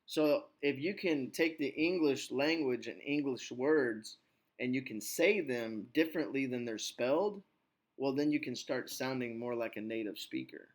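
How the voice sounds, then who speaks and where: A man's voice: mid-range voice, unhurried. Chatty man coaching an English student. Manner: chatty, coaching, many "you know" fillers. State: slightly sick, clears throat. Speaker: English teacher. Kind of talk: online English lesson.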